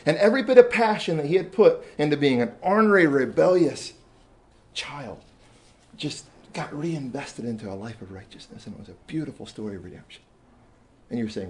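A man telling a story to a room of teachers, animated and shifting between loud emphasis and quiet asides. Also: fairly high pitch, fairly quick, a little hiss or hum. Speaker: speaker addressing teachers. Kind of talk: storytelling talk to an audience.

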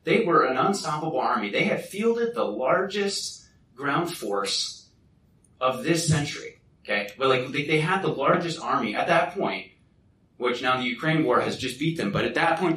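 A man giving a personal testimony at a church, telling a lively story and acting out what others said. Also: mid-range voice. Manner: lively storyteller who acts out what people said. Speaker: guest speaker at a church. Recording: echoey hall, mic from a distance.

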